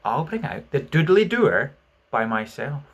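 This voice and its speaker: A menacing pirate captain from a storybook, as a man puts him on, his threats wrapped in smooth, mock-courteous purring. The voice rises higher and louder than plain narration. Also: sing-song, a little slow, full character voice. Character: menacing, silkily cruel male pirate captain. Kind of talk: audiobook reading.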